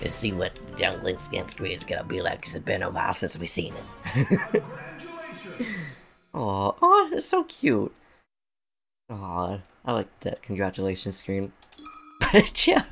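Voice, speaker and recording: A man with a low, gravelly voice talks through a video game in a loose, chatty way. He gets sassy with the enemies and laughs a lot, his pitch jumping around. Game music plays clearly behind him. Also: big pitch swings, moderate pace, a bit bright. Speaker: gaming channel host. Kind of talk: casual gameplay commentary.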